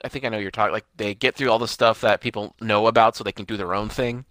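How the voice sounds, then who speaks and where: A man's voice: on the low side, fairly even intonation, rapid-fire, fairly bright tone, no echo. A man in casual chat who hedges his claims and swears now and then. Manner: hedging, profane, casual.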